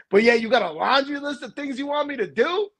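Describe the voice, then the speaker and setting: A man's voice: very high voice, fairly quick, fairly bright tone. A man co-hosting a casual podcast chat, laughing often and acting out the quoted voices in his stories. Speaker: podcast co-host. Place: home couch.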